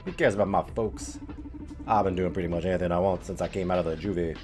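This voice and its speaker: A man's voice: sits low, steady tone, quick pace, over music, lightly acted. A man doing an Elvis-style Southern torturer. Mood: defiant. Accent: put-on Southern US drawl. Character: young male torturer with Elvis-like drawl. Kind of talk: reading game dialogue in voices.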